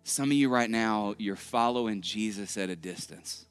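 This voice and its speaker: Joking, animated man preaching a sermon. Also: lowish voice, normal speed, smooth, faint music behind. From Texas. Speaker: pastor. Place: large church auditorium.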